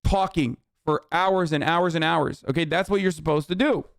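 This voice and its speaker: A man with a smooth, clean voice pitched a little above the usual for men, ranting heatedly on a live stream. He swears freely and turns sarcastic as he tears into what he hears. The sound is dry and close, with no room around it. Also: moderate pace, dry recording. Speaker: streamer reacting to news. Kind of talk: live-stream reaction rant.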